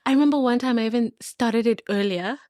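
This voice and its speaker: A woman from Kenya, a podcast guest, telling stories in a casual chat, animated and laughing often as she acts out the dialogue. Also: on the high side, quick pace, dry recording, studio quality.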